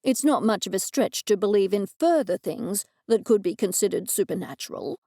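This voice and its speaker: A woman voicing a male detective who speaks slowly, calmly and reasonably. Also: medium pitch, no echo, clean studio sound. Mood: reasonable. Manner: slow, soothing, reasonable. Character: calm, unflappable male detective.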